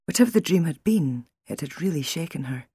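A woman reads a novel aloud in a measured, expressive way. Her voice is husky and a little breathy, at a middle pitch. The recording is dry and close, with no room sound. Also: dry recording. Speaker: audiobook narrator. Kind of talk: audiobook reading.

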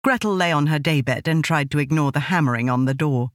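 A woman's voice: sits low, no echo. Woman reading a storybook, dry and close. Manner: measured, expressive storytelling. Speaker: audiobook narrator. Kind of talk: scripted narration.

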